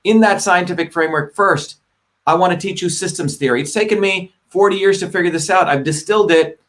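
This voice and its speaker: A middle-aged man hosts a livestream in a fairly high voice. He talks emphatically and combatively, hammering the same points again and again and swearing when he gets worked up. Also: brisk, a bit bright. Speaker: host of a live online show. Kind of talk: live-stream monologue.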